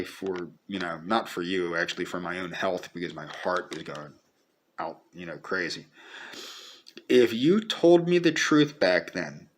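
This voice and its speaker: A man speaking a personal video message to the camera, earnest and pleading, halting and repeating himself as he holds back tears. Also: lowish voice, a bit bright. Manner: halting and repetitive, restarting sentences. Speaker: vlogger.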